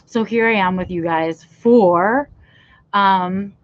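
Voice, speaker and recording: A woman's voice: medium pitch, slow, dull audio. A woman hosting her own live stream outdoors, chatting casually and rambling with lots of fillers while feeling cold. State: cold, shivering. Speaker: vlog host. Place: outdoors in a backyard.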